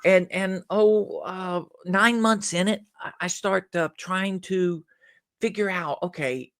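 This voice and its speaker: A man speaking as a podcast guest, telling stories in an animated way and acting out little bits of dialogue. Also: high voice, slow, no echo, studio quality. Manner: animated storyteller who acts out little dialogues. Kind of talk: conversational podcast interview.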